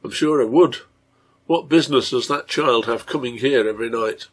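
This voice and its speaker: A man's voice: medium pitch, normal speed, natural voice. A man doing a resentful tavern keeper. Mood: angry. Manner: blunt, resentful. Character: hard-hearted male tavern keeper, resentful.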